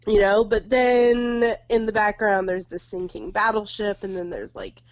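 A woman's voice: medium pitch, unhurried, dull audio. A woman in casual chat, emphatic and swearing, ranting about a film. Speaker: podcast co-host.

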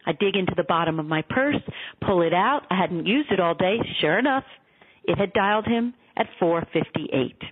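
Woman, husky voice, earnest animated storyteller, radio interview guest, tinny phone line. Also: on the low side, normal speed.

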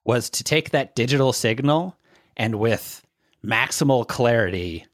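A man's voice: medium pitch, animated, measured pace, no room sound, clean studio sound. A man co-hosting a podcast, explaining technology in loose, casual talk full of fillers. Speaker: podcast co-host. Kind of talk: casual tech chat.

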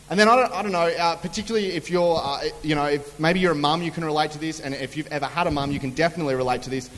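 High-voiced preacher in a reverberant hall. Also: male voice, very fast, hardly any pauses, fairly bright tone. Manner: chatty storytelling with acted-out quotes. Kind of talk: humorous sermon.

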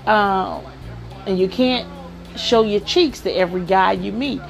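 This podcast host is a woman delivering a casual advice monologue, telling stories conversationally and leaning often on "you know." She speaks at medium pitch, unhurried and with vocal fry, over faint background music.

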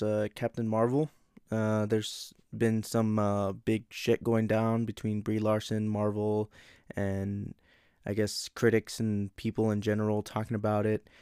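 A man's voice: lowish voice, a little mellow, clean tone, no room sound, clean studio sound. A man hosting a casual pop-culture chat, rambling and swearing freely. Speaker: host.

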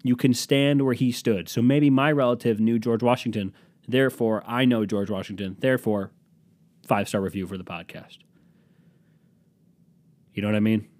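A man's voice: fairly low pitch, moderate pace, pauses often, a little mellow, no echo. A young man hosting a solo podcast, rambling in a jokey, self-deprecating way with some swearing. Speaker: podcast host.

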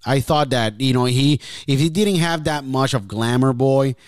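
A man's voice: medium pitch, moderate pace, no room sound, studio quality. A man in casual chat, chiming in with short agreements and wrestling names.

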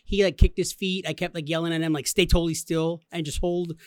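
A man's voice: on the high side, fast, dry recording. A man in his thirties telling a funny family story on a podcast, laughing and acting out the people in it. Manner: animated, laughing, acts out quotes. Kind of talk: casual storytelling.

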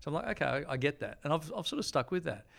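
A middle-aged Australian man, a TV host guesting on a podcast, telling lively anecdotes and acting out the people in them. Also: on the high side, very fast, creaky. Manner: lively storyteller, acts out quotes.

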